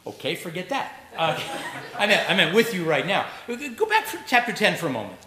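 A man's voice: high-pitched, big pitch swings, brisk, pushed and bright. Man preaching in an echoey church. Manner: conversational, joking asides to the congregation. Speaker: pastor. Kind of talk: sermon. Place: church sanctuary. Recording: echoey church recording with faint noise.

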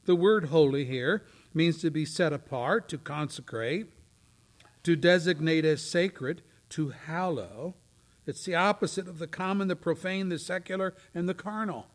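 A man preaching a sermon, swinging from loud, declaiming readings to near whispers. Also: a little high, normal speed. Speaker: pastor. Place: church.

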